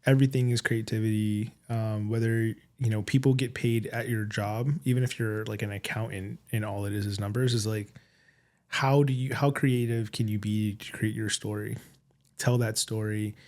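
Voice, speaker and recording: A man's voice: on the low side, steady tone, moderate pace, darkish tone. Chatty young man telling stories. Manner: rambling storyteller, fillers like "you know what I mean". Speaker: guest rapper. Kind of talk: casual podcast chat.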